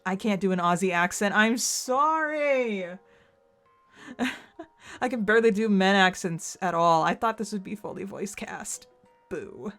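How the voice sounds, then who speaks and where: Woman streamer, mid-pitched, chatty and laughing at herself over faint game music. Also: measured pace, a bit bright. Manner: giggly, self-mocking and chatty. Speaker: streamer playing a visual novel. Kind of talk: casual game commentary and read-aloud.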